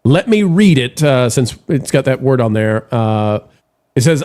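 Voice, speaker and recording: Reading chat messages aloud on his laid-back live-stream show, this man wanders along with plenty of fillers and false starts. He speaks at medium pitch with lively intonation, an unhurried pace and a slightly mellow sound.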